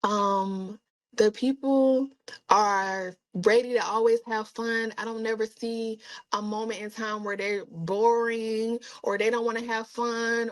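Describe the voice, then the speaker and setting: A woman guest in a casual interview with a somewhat high voice, who tells her stories with lively animation. She often acts out other people's lines and breaks into laughter. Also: low-quality recording.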